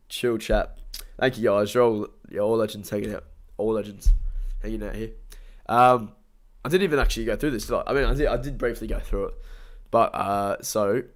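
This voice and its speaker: A young Australian man with a stuffy nose, rambling casually on a live stream and thanking his viewers. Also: on the low side. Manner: rambling, chatty, upbeat, thanks viewers often.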